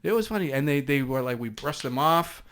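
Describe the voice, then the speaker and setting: Animated middle-aged man with East Coast accent. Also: fairly high pitch, fairly quick. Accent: Canadian East Coast. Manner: animated storyteller with many restarts and laughs. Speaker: podcast guest, former SWAT sergeant. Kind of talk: casual storytelling.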